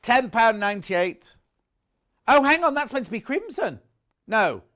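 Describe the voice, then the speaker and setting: Male home-shopping presenter: chatty, effusive, animated delivery. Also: very high voice, measured pace. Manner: chatty, gushing, self-correcting. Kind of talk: live TV sales pitch.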